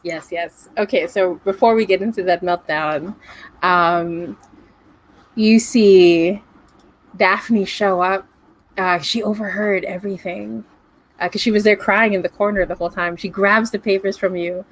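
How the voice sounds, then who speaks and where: A woman running a tabletop role-playing game over a video call, playful and animated, with dramatic gasps. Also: medium pitch, unhurried, poor audio. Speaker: game master.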